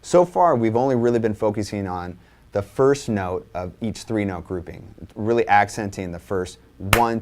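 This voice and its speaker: Speaking at normal speed in a lowish, very animated voice, a man teaches drums casually, covering accent patterns and counting sixteenth notes aloud. He restarts often and repeats "right?", and the recording is very noisy.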